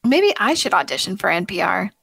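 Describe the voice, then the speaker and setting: A woman's voice: medium pitch, sing-song, brisk, gravelly, fairly bright tone, breathy edge, dry recording, studio quality. A woman hosting a marketing podcast in a chatty, upbeat way, laughing often. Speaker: podcast host. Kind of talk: casual podcast chat.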